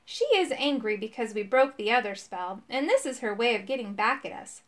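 A woman voicing a gruff, grumbling male toad in a storybook reading. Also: on the high side, fairly quick, lightly acted.

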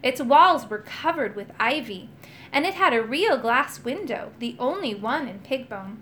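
A woman narrating a children's storybook chapter aloud in an expressive, animated manner. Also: high voice, measured pace, slight background noise.

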